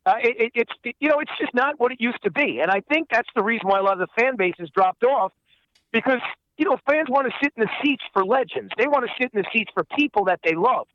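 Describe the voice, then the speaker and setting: Rambling man with a high voice. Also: no room sound, dull audio. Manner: rambling, many fillers. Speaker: voice actor guest. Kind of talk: casual interview.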